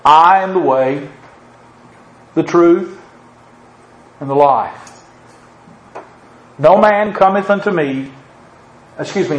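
High-voiced preaching man, echoey room. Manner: emphatic, rising preaching cadence with Bible quotes. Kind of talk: sermon.

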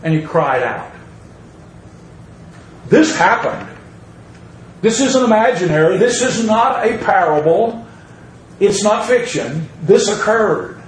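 A man's voice: high-pitched, sing-song, slow pace, pauses often, echoey room, distant mic, slight background noise, rough recording. A man preaching a sermon, reading scripture aloud and driving points home by repeating them. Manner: emphatic, repeats phrases, reads scripture aloud.

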